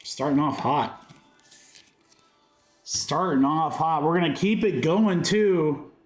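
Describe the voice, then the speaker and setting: A man's voice: fairly high pitch, lively intonation, slow pace, soft background music. A man hosting a livestream card break, calling out each card with upbeat, joking patter. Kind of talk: live card-break commentary. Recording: roomy echo.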